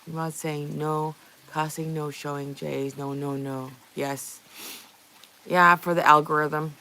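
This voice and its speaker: A woman's voice: sits low, level tone, slow pace, pushed and bright, rough recording. A woman livestreamer chatting casually with her viewers, reading their messages aloud, playful and often laughing.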